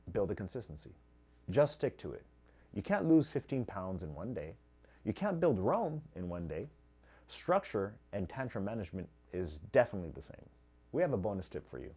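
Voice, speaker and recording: Husky lower-voiced guy giving parenting tips, repeats stuff for emphasis. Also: mellow. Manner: emphatic, repeats key phrases with rising force. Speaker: parenting channel host. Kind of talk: scripted parenting advice.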